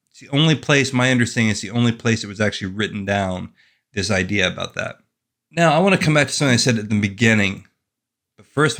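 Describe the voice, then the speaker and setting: A man's voice: medium pitch, a bit bright. A man hosting his own fantasy fiction channel, talking casually and wandering off on self-deprecating, wry asides. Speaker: author and fantasy channel host. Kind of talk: casual talking-head monologue.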